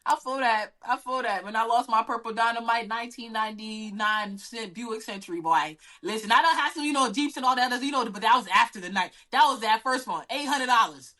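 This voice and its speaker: A woman chatting as a podcast guest, animated and slangy, full of laughing asides. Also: a little high, fairly quick, hardly any pauses. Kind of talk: casual chat.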